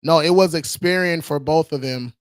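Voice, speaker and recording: A man's voice: on the high side, moderate pace, no room sound, studio quality. A man hosting a casual livestream, talking in a slangy, hyped-up way and calling viewers bro. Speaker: credit repair livestream host.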